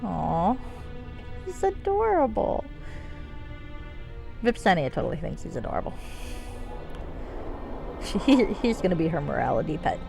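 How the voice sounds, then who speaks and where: A woman streamer plays a fantasy game live, tossing out wry, joking remarks. Her voice is gravelly with a lively, wide-ranging pitch, over faint game music. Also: brisk, long pauses. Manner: wry, joking asides while playing.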